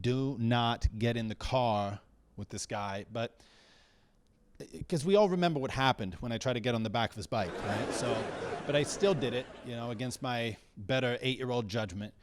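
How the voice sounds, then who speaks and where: A man's voice: mid-range voice, fairly quick, noisy background. A man doing a stand-up comedy routine in a small comedy bar, telling stories in a wry, rambling way and often correcting himself mid-sentence.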